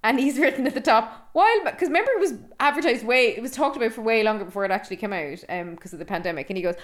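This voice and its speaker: Woman cohosting a podcast, chatty, laughs a lot reading out film reviews, kinda high voice. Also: racing, hardly any pauses. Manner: animated, reads out review extracts with laughter. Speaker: podcast co-host. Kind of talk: casual chat reviewing a film.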